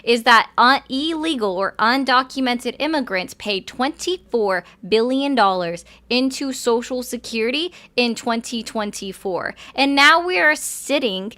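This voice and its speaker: A woman commentator with a bright, forceful voice who talks in a firm, lecturing way. She presses her point, interrupts often and keeps a slightly raised pitch. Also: lively intonation, a little slow, few pauses. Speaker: livestream political commentator. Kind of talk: heated call-in argument.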